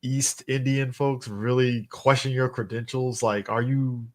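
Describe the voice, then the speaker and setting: A man's voice: mid-range voice, steady tone, unhurried. A man co-hosting a podcast who jokes and tells profane stories in casual chat. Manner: joking, storytelling, profane. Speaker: podcast co-host.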